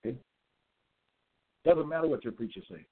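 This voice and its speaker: A man's voice: a little high, lively intonation, breathy edge. Man preaching over tinny phone-like audio. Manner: emphatic and repetitive, stressing words slowly. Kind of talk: religious monologue with scripture readings.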